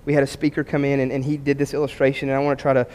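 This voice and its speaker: A man's voice: medium pitch, completely flat delivery, rapid-fire, a little mellow. A man preaching a sermon to his church in a conversational manner, mixing scripture with humorous personal stories. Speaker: pastor. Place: church sanctuary. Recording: long hall reverb.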